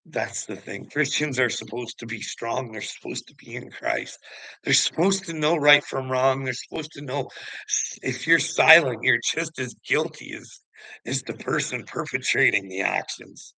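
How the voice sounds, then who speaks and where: A man rants in a loose, profane ramble, his gravelly voice carrying a bright, pushed edge. The sound is dry and close, with no room around it. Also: mid-range voice, moderate pace, no echo, rough recording. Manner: profane, rambling, laughs often. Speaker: host. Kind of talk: casual ranting talk.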